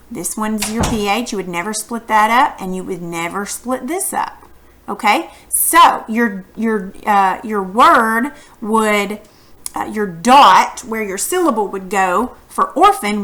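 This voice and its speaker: Woman teacher, bright tone, slightly high, patient and encouraging. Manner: patient, encouraging, asks questions. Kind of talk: recorded phonics lesson for students.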